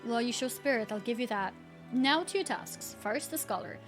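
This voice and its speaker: A woman reading out the lines of a gruff male marine drill sergeant who barks insulting orders. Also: fairly high pitch, animated, moderate pace, faint music behind.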